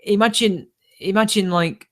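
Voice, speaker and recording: A man rambles through viewer questions on a casual livestream. His voice sits a little higher than most men's, and he laughs often between his blunt, opinionated remarks. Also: steady tone, moderate pace, a bit bright. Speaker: streamer.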